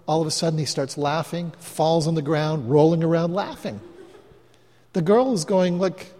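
A man preaching as a pastor, telling chatty, self-mocking stories to his congregation with quick asides. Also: a little high, darkish tone. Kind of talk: storytelling sermon to a live congregation. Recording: live hall recording with long reverb.

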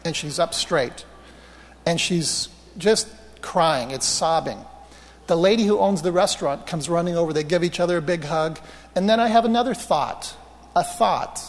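Male preacher, high voice, storytelling sermon, long hall reverb, animated anecdotes. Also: a little hiss or hum. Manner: anecdotal, animated, self-mocking humor.

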